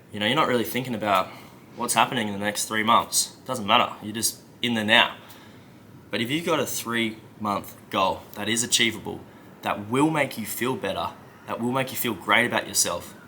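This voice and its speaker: A man speaking as a self-help coach, with a very bright, sharp tone and a somewhat low pitch. He talks emphatically and conversationally, and often checks in with the listener. Faint room ambience sits behind him. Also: a little hiss or hum. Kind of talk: motivational coaching talk.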